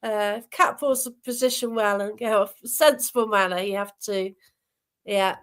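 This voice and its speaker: A woman's voice: mid-range voice, fairly even intonation, moderate pace, a bit bright, smooth. A woman hosting a podcast, chatting casually and often asking for agreement. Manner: chatty, seeks agreement with tag questions. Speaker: podcast host. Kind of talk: casual chat.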